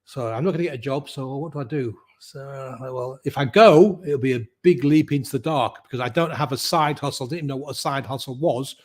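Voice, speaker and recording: A middle-aged man, a guest telling his story in a lively way and acting out the voices of the people in it. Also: medium pitch, fairly quick, few pauses. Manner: lively, acts out quoted voices. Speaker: guest, mindset coach. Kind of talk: animated storytelling.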